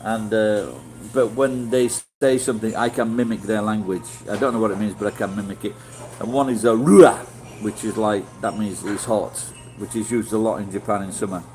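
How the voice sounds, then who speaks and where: A man's voice: lowish voice, flat delivery, a little fast, hardly any pauses, a little mellow, poor audio. A middle-aged man with a Yorkshire accent, chatting casually with live viewers in a rambling, blunt way and swearing freely. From Yorkshire, England. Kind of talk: casual livestream chat.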